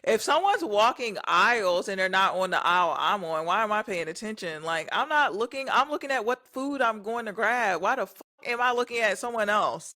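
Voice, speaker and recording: Brief: woman, young adult co-host, blunt and laid-back, with a bright, cutting voice. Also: medium pitch, lively intonation, brisk, hardly any pauses. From southern Virginia, US. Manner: blunt, laid-back, uses slang and swears. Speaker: podcast co-host. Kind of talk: casual chat.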